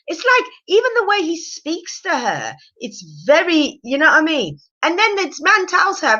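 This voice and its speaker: A woman recapping a reality show on a casual live stream, animated and opinionated, rambling with fillers. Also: very high voice, a little slow, few pauses, dull audio.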